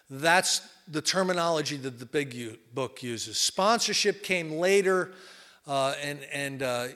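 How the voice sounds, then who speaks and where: A man's voice: fairly high pitch, sharp tone. A middle-aged man giving an informal, plain-spoken talk to a recovery group, folksy with many fillers. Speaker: recovery meeting speaker.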